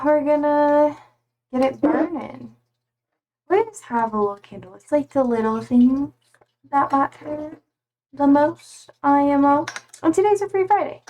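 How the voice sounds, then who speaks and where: A woman's voice: high voice, a little mellow. A young adult woman chatting casually on a live stream from home, loose and a little sweary as she greets viewers by name.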